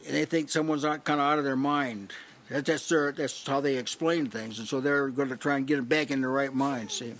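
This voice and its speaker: A man preaching in a relaxed teaching style at a small house church, often checking in with "see?" and restarting his sentences. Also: medium pitch, brisk, slight background noise. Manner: conversational teaching, frequent "see?" asides and restarts. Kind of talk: sermon.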